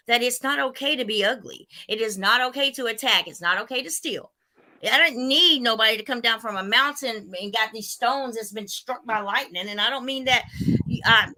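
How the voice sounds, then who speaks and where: A woman's voice: fairly high pitch, rough recording. A woman in her fifties hosting a casual spiritual chat, telling stories and acting out the quotes in them. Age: 50s. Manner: animated storytelling, acting out quotes. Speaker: host.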